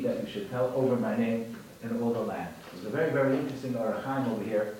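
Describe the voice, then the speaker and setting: A man's voice: medium pitch, quick pace, hardly any pauses, a little mellow, slight background noise. A man teaching a conversational religious class to students, telling parables and often repeating and restarting his phrases. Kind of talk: informal religious lesson with storytelling. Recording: very echoey room, mic far off.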